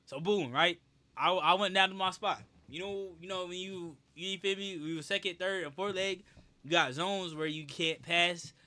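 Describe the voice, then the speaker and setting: Young male streamer, casual storyteller; bright, forceful voice, animated and profane. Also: sits high, moderate pace.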